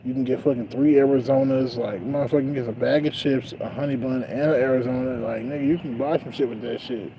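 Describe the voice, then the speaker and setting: A man's voice: medium pitch, fast, hardly any pauses, crowd noise, rough recording. A man telling profane stories in a casual livestream monologue, laughing as he goes. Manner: profane, laughing, animated storytelling.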